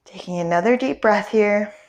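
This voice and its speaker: A young woman leads a yoga class in a gentle, encouraging way, talking through the poses and checking in with questions. Her voice sits at a middle pitch for a woman. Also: normal speed. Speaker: yoga instructor. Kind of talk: guided yoga class instruction.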